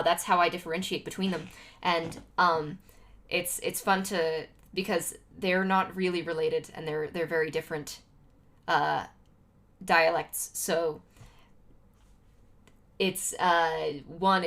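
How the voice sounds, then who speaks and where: Talking loosely to her livestream, a young Utah streamer wanders from thought to thought, full of fillers, restarts, and laughs. Her voice is on the low side yet fairly bright.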